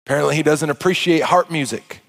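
High-pitched guy preaching a sermon, fired up, lots of and-and restarts. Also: quick pace, vocal fry. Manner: impassioned, stammering restarts, swings from hushed to loud. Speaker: pastor.

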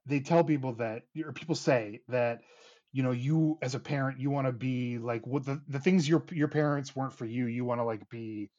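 This thirty-something podcast host talks in a medium pitch over lo-fi sound. His casual chat wanders, full of fillers and false starts.

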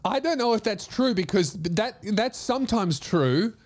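A man in his late twenties talks on his podcast in a slightly high voice. He rambles through jokey stories in a loose, casual chat. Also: lively intonation, unhurried. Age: late 20s. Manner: joking, rambling storyteller. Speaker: podcast host.

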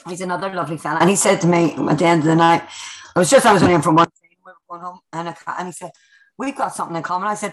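A woman's voice: fairly low pitch, steady tone, rapid-fire, a crowd in the background, low-quality recording. A woman with a Northern Irish accent, a guest telling chatty anecdotes in casual conversation. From Northern Ireland. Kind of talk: casual chat.

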